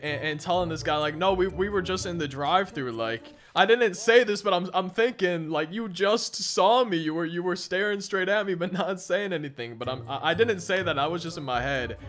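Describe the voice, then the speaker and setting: A man's voice: high-pitched, normal speed, a bit bright. A young man casually telling a rambling story while playing a video game, with lots of restarts and fillers. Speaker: gaming storyteller. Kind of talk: casual story time over gameplay.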